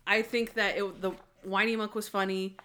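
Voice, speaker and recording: A woman's voice: medium pitch, normal speed. A young adult woman co-hosting a casual podcast, animatedly recapping a TV episode and acting out the characters' lines. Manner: animated, acts out characters' lines in quoted voices. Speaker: podcast co-host. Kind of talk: casual chat reviewing a TV episode.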